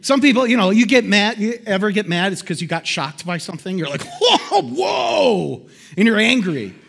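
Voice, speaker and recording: A pastor preaching a sermon to his congregation in a lively, conversational way. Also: fast. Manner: animated, conversational preaching with big swings in pitch. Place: church hall before a congregation.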